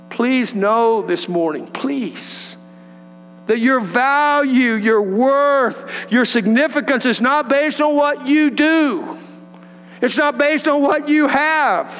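A man with a high voice preaches at an unhurried, deliberate pace, leaning on repeated phrases to drive each point home. His earnest sermon rings out with a long hall reverb, and a faint mains hum sits underneath. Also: fairly bright tone. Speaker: pastor.

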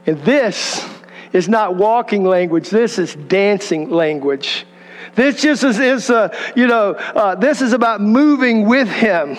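A man's voice: high voice, lively intonation, slow, big-room sound. A middle-aged man preaching a sermon, telling stories and asking the congregation questions. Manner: conversational storytelling preaching with rhetorical questions. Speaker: pastor. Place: church sanctuary.

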